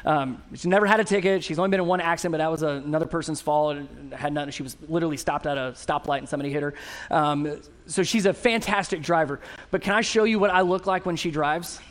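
A middle-aged male pastor with a light, high-sitting voice delivers a sermon. He tells stories with animated, self-mocking humor, swinging between quiet reflection and excited bursts.

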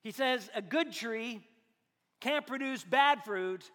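A pastor with a notably high voice preaches a sermon in a loose, joking, conversational way, slipping into other people's voices to make his points. His voice rings out in a church sanctuary with a long, lingering hall reverb. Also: slow, bright, forceful tone. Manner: joking, conversational, acts out quotes.

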